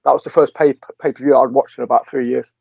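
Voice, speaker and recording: A man talks in a loose, rambling way, stopping to laugh as he retells scenes. His voice sits at an ordinary pitch. It comes through a dry, slightly dull call line. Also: steady tone, fast talker, vocal fry, darkish tone, slightly rough, dry recording. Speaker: podcast co-host. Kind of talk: casual chat.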